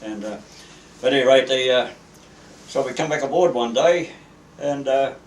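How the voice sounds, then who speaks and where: An older Australian man, a retired merchant seaman, reminiscing at length with halting, rambling speech and many fillers. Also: medium pitch. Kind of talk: reminiscing storytelling. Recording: roomy, distant mic, faint ambience.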